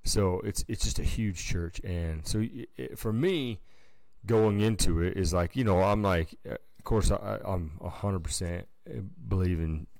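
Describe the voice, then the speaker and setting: Man, very deep voice, podcast co-host, casual slangy storytelling, dry close sound. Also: measured pace, darkish tone, no echo. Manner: laid-back, slangy storytelling. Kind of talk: casual chat.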